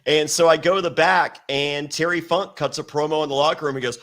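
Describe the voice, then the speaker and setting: Brash man from Virginia, fairly high voice, animated raconteur with constant profanity. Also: brisk, hardly any pauses. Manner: animated, acts out quotes in raised voice, heavy swearing. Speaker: interview guest. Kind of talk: casual storytelling with profanity.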